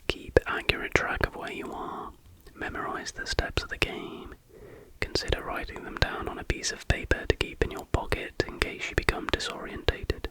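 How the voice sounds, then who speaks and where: Man whispering ASMR storytelling. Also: pushed and bright. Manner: slow, deliberate, instructional. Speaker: ASMR host.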